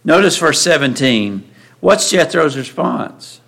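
A man's voice: a little high, lively intonation, measured pace, fairly bright tone. A man preaching a sermon in a conversational way, often asking his listeners rhetorical questions.

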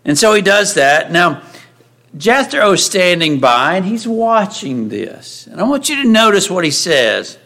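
A man's voice: high voice, big pitch swings, a little slow, creaky, bright, forceful tone. A man preaching a sermon in a conversational way, often asking his listeners rhetorical questions.

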